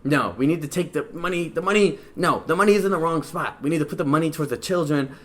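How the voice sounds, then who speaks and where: A man's voice: fairly high pitch, quick pace, fairly bright tone. A young man with a Midwestern American accent, talking as a podcast guest in a loose, rambling way full of slang and swearing. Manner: rambling, slangy and profane, keeps saying bro; drinking beer while talking. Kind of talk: casual conversation.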